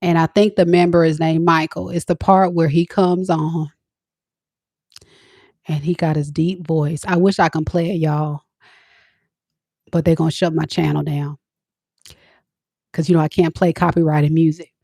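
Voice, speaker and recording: A woman's voice: low voice, level tone, moderate pace, pauses often, darkish tone, dry recording, clean studio sound. A woman tarot reader chatting playfully and teasingly to her viewers in a casual reading.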